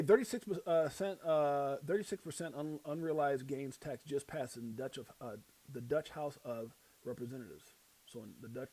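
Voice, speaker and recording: A man with a Brooklyn accent hosting a casual crypto livestream, reading out motivational quotes and breaking into loud shouts and laughter. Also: mid-range voice, breathy edge. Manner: reads out quotes and preaches motivational sayings.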